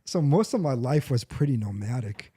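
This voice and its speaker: A man's voice: medium pitch, big pitch swings, moderate pace, mellow, husky, no echo, studio quality. A man in his forties chatting casually on a podcast, rambling and correcting himself, laughing often. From United States. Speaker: podcast co-host. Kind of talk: casual chat.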